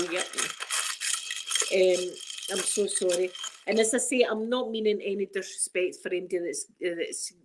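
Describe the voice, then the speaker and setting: A middle-aged Scottish woman chatting casually on a live stream, emotional and quick to laugh, greeting viewers by name. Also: lowish voice. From Scotland.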